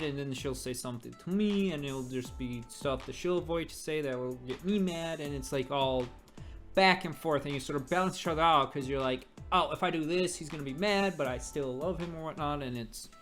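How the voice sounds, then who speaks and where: A webtoon reader voicing a teenage boy who rambles about relationships, halting and restarting often. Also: medium pitch, fairly bright tone, lightly acted.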